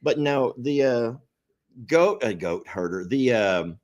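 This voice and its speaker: A man's voice: medium pitch, expressive, slow pace, darkish tone. A middle-aged man telling stories in casual chat, rambling and laughing often. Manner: rambling storyteller, laughs a lot, does voices in quotes. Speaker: co-host.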